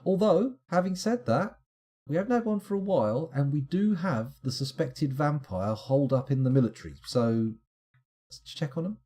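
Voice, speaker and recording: Chatty man, lively husky low voice. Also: normal speed. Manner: chatty, self-mocking, thinking aloud. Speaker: streamer. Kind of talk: live gameplay commentary.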